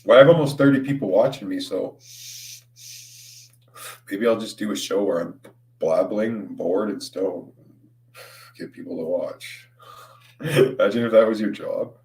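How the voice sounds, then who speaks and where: Deep-voiced young man rambling on stream. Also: unhurried, vocal fry, long pauses, a little mellow. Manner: rambling, laughing, swears a lot, says "dude". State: stoned. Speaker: livestreamer. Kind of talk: casual livestream chat. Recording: roomy, distant from mic.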